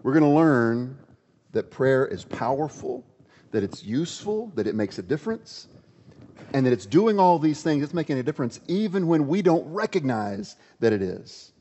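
A man preaching a sermon in a conversational, animated storytelling way, in an echoey, dull-sounding hall. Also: medium pitch, normal speed. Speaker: pastor.

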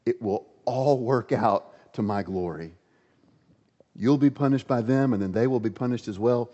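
A man voicing God, speaking low, soft and steady as he reassures a prophet, in an echoey, dull-sounding hall. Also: normal speed. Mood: firm. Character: calm, all-powerful God reassuring his prophet.

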